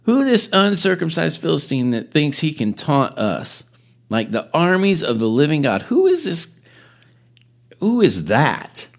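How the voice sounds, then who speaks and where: A man's voice: on the high side, huge pitch swings, unhurried, creaky, pitched above the performer's own voice, heavily acted. A man voicing a bold, indignant young shepherd boy as he retells a Bible story.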